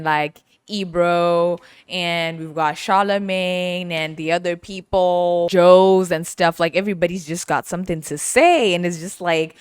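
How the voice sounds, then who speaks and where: Woman, podcast host, casual storytelling, playful, lowish pitch, dry close sound. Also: clean tone, no room sound. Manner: chatty, laughs often, playful roasting.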